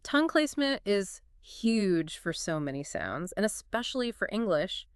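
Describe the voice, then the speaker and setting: A woman's voice: medium pitch, very animated, moderate pace, clear, resonant tone, no echo, studio quality. A woman co-hosting a podcast, chatting eagerly and explaining points with examples. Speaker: podcast co-host. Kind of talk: casual chat about pronunciation.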